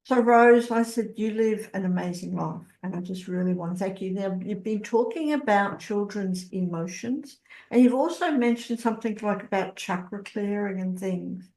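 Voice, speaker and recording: Gravelly-voiced woman host, affirming. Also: mid-range voice, moderate pace, a little mellow. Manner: affirming, eager questions. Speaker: podcast host. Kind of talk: interview hosting. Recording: roomy echo.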